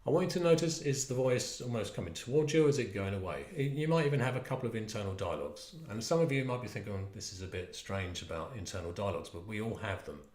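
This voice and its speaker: A man's voice: medium pitch, reverberant. A man leading listeners through a stress management exercise, coaxing and drawing out words. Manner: animated, coaxing, drawn-out words. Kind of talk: guided exercise instruction.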